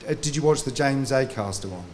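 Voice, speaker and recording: A man's voice: mid-range voice, darkish tone, slight background noise. British man hosting a live podcast. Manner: friendly interviewer, quick back-channel replies. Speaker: podcast host. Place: live venue before an audience.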